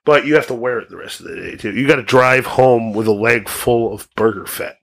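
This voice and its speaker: A man's voice: mid-range voice, a little fast, vocal fry, a bit bright. A man hosting a casual podcast, telling crude stories in a profane, rambling way. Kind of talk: casual crude joke chat.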